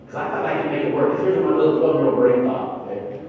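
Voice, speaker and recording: A man's voice: on the high side, lively intonation, quick pace, slight background noise. A man in his fifties giving a keynote speech, telling personal stories in a conversational way and often restarting words. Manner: conversational, repeats words when starting. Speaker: keynote speaker. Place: large conference hall. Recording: echoey hall, distant, dull.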